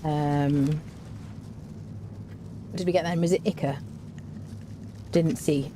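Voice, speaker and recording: A woman's voice: low-pitched, fairly even intonation, takes it slowly, noisy background. A woman streaming a game, giving chatty live commentary, talking to her chat and humming to herself as she plays.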